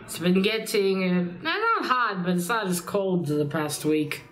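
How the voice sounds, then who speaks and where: A woman's voice: medium pitch, expressive, unhurried, a bit bright. A young adult woman chatting casually in a reading vlog, rambling and swearing lightly, with a slight cold. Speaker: book vlogger.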